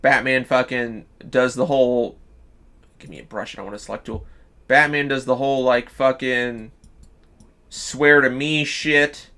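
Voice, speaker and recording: A man streaming live, pitching a story in loose casual chat, swearing freely and restarting sentences. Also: fairly even intonation, unhurried, sharp tone. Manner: profane, loose, full of fillers and restarts.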